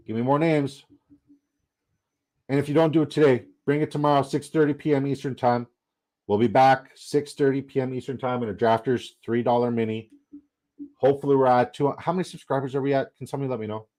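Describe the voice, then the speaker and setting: A young man hosting a casual livestream, excitable, rambling and profane as he chats with viewers. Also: mid-range voice. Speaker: livestream host.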